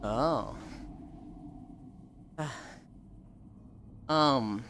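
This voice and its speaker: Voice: mid-range voice, very slow, fairly bright tone, a little hiss or hum. A young adult livestreamer in casual, rambling chat with viewers, swearing freely and answering chat as it comes. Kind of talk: casual live-stream chat.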